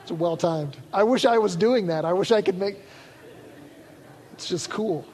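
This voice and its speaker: A man preaching a sermon in a high, light voice. He talks conversationally and draws the congregation in with jokes. His voice carries a long reverb from a large church hall. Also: unhurried, a little mellow, slight background noise. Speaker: pastor.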